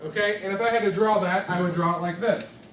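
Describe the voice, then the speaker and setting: A man teaches a music lesson in a high, fairly bright voice with a steady tone, talking a little fast as he patiently quizzes students by name. The capture is distant and echoey, with classroom noise behind him.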